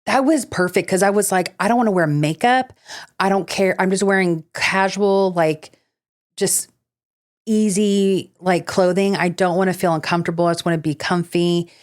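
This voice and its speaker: A woman's voice: on the low side, moderate pace. A woman co-hosting a casual podcast, chatting with lots of fillers and slipping into reading ghost-story notes. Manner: chatty, filler-heavy, laughs easily. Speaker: podcast co-host. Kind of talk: casual chat.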